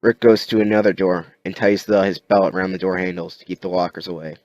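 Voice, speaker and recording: A man narrating an improvised story in a halting way, with many restarts. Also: sits low, flat delivery, a little mellow. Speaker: amateur narrator.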